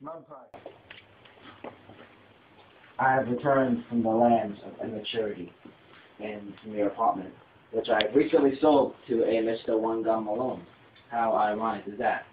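Blustering low-voiced man in a tinny echoey room. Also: a little slow, pauses often, slight background noise. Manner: blustering, self-pitying, bossy. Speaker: comedy show host playing the boss. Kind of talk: homemade comedy skit. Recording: dull tinny phone-like audio in an echoey room.

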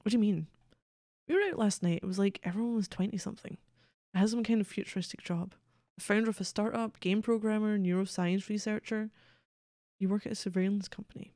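A woman's voice: medium pitch, fairly even intonation, fast talker, dark tone, no echo, clean studio sound. A woman streaming a game, reading its texts aloud and cracking sardonic, profane jokes in casual commentary.

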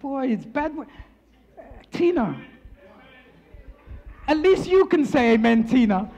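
A man's voice: very high voice, unhurried, long pauses, slight background noise, poor audio. A male preacher telling stories in a sermon, playful and teasing the congregation. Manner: animated, playful, teases the congregation. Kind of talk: storytelling sermon. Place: church.

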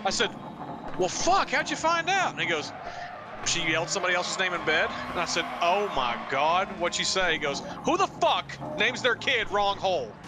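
Lively joke-telling male streamer, noisy audio. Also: high-pitched, moderate pace. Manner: rambling storyteller, acts out quotes. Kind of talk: casual joke-telling chat while gaming.

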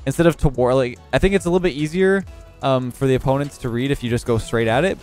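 Young man, game commentary, just woke up and yawning, relaxed play-by-play analysis, mid-pitched. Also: fast, soft background music. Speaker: gaming YouTuber commentating his own match. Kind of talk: casual gameplay commentary.

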